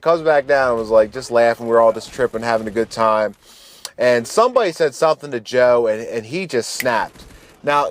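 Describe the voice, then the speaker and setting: Hosting his channel, a man in his thirties tells a casual story over gameplay in a mid-range voice. He's relaxed, slangy and profane, and he restarts his sentences often.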